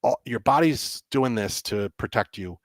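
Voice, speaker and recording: A man, a game developer guest on a podcast, telling an animated story and acting out the dialogue with lots of restarts. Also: medium pitch, normal speed, no echo. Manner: excitable, acts out quoted dialogue, many restarts.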